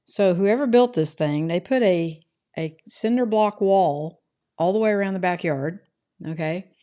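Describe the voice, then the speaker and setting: She's a middle-aged woman whose warm voice sits a bit low and moves at a measured pace. On a casual livestream from home, she reads viewers' comments and responds in a rambling, chatty manner, frequently with a "right?"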